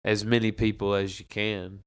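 Guy with a smooth lowish voice, chatting earnestly, lots of restarts. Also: little pitch movement, normal speed. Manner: earnest, thinking aloud with restarts. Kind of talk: casual podcast chat.

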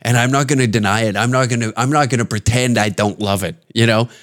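A Canadian man hosts a podcast, launching into a crude, rambling comedic rant and slipping into put-on voices. He talks fast in a mid-range voice, keeping it casual and jokey.

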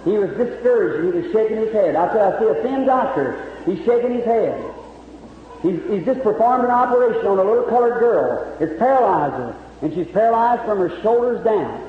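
Man, evangelist, fervent storyteller, plain rural grammar, high voice, thin lo-fi sound. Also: expressive, fairly quick, a little hiss or hum. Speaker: evangelist preacher. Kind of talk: revival sermon testimony. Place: large meeting hall with audience. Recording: lo-fi old hall recording.

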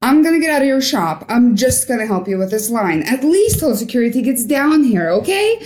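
Lively young woman telling a story, roomy echo. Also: a little high, a little fast, slight background noise. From Norway. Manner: animated storyteller, acts out quoted dialogue. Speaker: guest. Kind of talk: storytelling interview.

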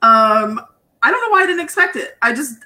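A woman's voice: fairly high pitch, very animated, fairly quick, faint music behind. A woman co-hosting a podcast, chatting casually and asking long, rambling questions over a video call. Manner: warm, laughing, rambling questions. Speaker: podcast co-host. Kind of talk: casual chat.

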